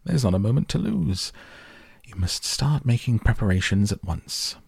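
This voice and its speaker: A man voicing an excitable, spry old grandfather who talks in eager, bossy bursts. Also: on the low side, moderate pace, gravelly, breathy edge, dry recording, pitched above the performer's own voice, exaggerated voice. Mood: urgent.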